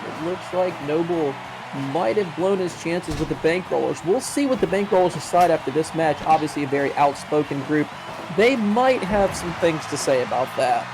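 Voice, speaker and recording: A man giving color commentary on a wrestling match in a measured, hedging way, full of "you know" and "I mean.". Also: on the high side, expressive, music in the background, low-quality recording.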